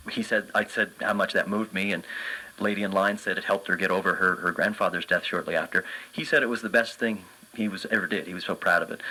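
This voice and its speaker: A man with a lowish voice and a bright, forceful edge, a children's magician telling his stories as a guest on a radio interview. He talks earnestly and with enthusiasm, often filling pauses with "uh" and "you know.". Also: rough recording. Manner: earnest and enthusiastic, many fillers.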